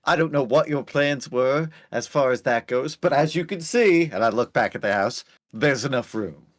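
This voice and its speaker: A man playing a tabletop game in character, playful and expressive. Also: mid-range voice, normal speed, dry recording, studio quality. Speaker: player. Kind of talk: casual tabletop role-play.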